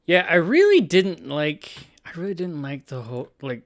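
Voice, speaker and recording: Reacting to an anime and his viewers' chat, this livestreamer rambles along casually, laughing often, correcting himself and frequently starting sentences over. His voice is a little high with huge pitch swings, at a moderate pace.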